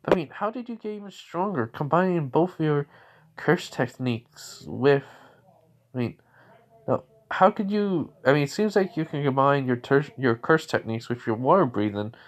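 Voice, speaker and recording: A man's voice: fairly high pitch, animated, normal speed, pitched above the performer's own voice, lightly acted. A man voicing a curious young woman swordsman in a raised, questioning voice. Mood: puzzled.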